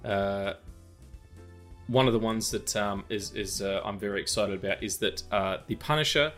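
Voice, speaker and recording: A man's voice: fairly low pitch, normal speed, a bit bright, soft background music. A man, co-hosting a casual film podcast, rambling with lots of fillers and restarts. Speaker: podcast co-host.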